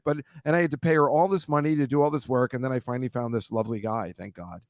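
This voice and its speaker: A man chats on a live stream, rambling through personal stories and jokes at his own expense. His voice sits at a middle pitch and sounds dry and close. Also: fast, few pauses, no echo. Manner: rambling, self-deprecating joker. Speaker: podcast regular co-host. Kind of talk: casual live-stream chat.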